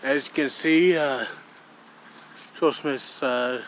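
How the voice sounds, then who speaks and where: A man from Iowa, vlogging casually outdoors, rambling slowly and calling himself by his own name in the third person. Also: mid-range voice, slight background noise. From Iowa, USA. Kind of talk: casual vlog to camera.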